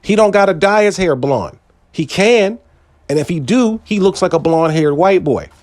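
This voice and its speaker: A man hosting a podcast, delivering a casual, profane monologue in slang and jumping his pitch up for emphasis. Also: lively intonation, normal speed, darkish tone, no room sound. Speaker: podcast host.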